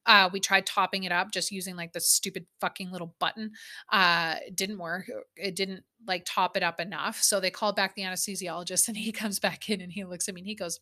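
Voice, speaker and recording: Bright-voiced, candid, chatty woman. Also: lowish voice, steady tone, a little fast. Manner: candid and chatty, swears freely, many fillers of "like". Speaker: mother telling her birth story. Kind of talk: casual storytelling.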